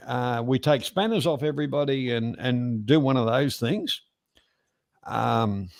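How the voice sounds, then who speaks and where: A man's voice: medium pitch, darkish tone. A man co-hosting a livestream in casual chat, dry and teasing, swearing casually. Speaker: livestream co-host.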